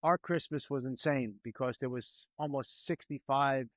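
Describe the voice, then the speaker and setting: A man speaks earnestly in a relaxed panel chat, stumbling and repeating words as he goes. His voice is of middle pitch. The sound is dry and close to the mic. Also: normal speed, no echo. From New York, USA. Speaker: guest, film director. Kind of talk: casual panel conversation.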